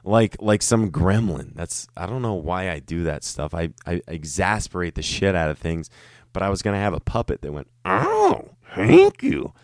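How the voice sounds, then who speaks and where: A man's voice: sits low, moderate pace, dry recording, studio quality. A man telling a casual, profane, rambling story about his years working as a restaurant server. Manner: rambling, self-interrupting, laughing asides.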